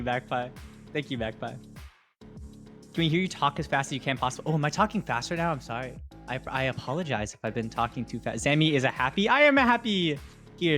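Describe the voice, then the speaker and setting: A young man hosting a watch party stream, chatting casually, reading chat aloud and getting hyped with jokey asides. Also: medium pitch. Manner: excitable, quick to get hyped, jokey asides.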